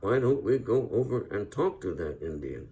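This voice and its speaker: A man impersonating a laconic cowboy with a slow drawl. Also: on the low side, big pitch swings, dark tone, slight background noise.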